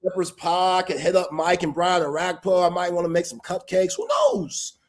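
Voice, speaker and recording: A man's voice: sits high, flat delivery, fairly quick. A man hosting a sports talk livestream, speaking in a heartfelt, loose and rambling way full of street slang. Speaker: sports talk show host. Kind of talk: casual livestream chat.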